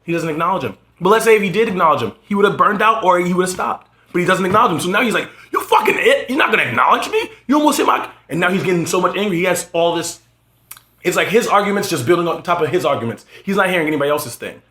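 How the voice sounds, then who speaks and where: A man arguing his point in casual podcast chat, insistent and quick to jump back in. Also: high voice, bright, forceful tone. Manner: argumentative, talks fast and insists. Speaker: podcast co-host. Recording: echoey room.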